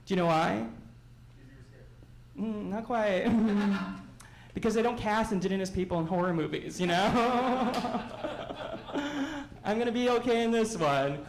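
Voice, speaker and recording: A man's voice: high-pitched, unhurried, gravelly, long pauses, roomy sound, rough recording. Self-mocking male stand-up comic. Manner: self-mocking, animated storytelling. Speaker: stand-up comedian. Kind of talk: stand-up set.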